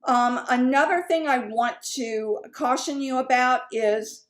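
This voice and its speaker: A woman's voice: fairly high pitch, unhurried, hardly any pauses. A woman sales coach teaching in a chatty, candid way, with fillers and asides. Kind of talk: casual teaching talk.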